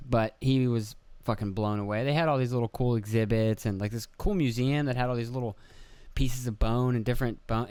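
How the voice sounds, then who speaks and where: A man in his thirties from Pennsylvania hosts a podcast and rambles through profane stories about his kids. His voice is smooth and clear, and it sits close and dry on the mic with no room sound. He breaks into other people's voices as he goes. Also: medium pitch, a little mellow, no room sound. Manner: profane, rambling storyteller who acts out quoted voices. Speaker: podcast host. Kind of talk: casual rambling monologue.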